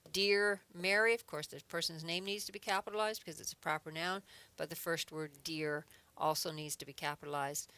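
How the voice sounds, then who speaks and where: A woman teaching a grammar lesson, explaining patiently one step at a time. Her voice is bright and sits a little low, and the sound is close and dry, with no room around it. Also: smooth, no echo. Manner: checks in with frequent "okay". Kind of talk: recorded adult English lesson.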